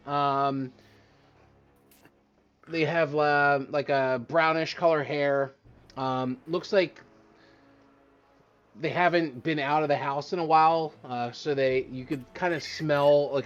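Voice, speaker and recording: A man's voice: fairly high pitch, lo-fi sound. A man narrating as game master of a tabletop game, hesitant and full of fillers.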